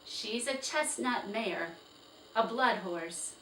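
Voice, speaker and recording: A sensible teenage apprentice speaks calmly and matter-of-factly, as a woman reads his lines. The tone is bright and clear. It sounds roomy and far from the mic. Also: a little high, slow pace, full character voice. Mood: steady. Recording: roomy, distant, faint hiss.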